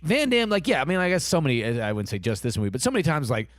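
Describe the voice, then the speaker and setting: Man, podcast host, swooping lively pitch, casual swearing chat, dry close mic. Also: racing, few pauses, no room sound. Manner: lively, swearing, laughs often.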